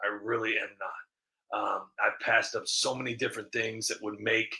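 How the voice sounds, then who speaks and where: A middle-aged man talks straight to his viewers in loose, candid commentary. He rambles and pokes fun at himself. His voice has a bright, sharp edge with a slight roughness. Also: on the low side, steady tone, moderate pace, low-quality recording. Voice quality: a bit rough, smoker-like. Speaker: comedy video creator. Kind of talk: casual commentary to camera.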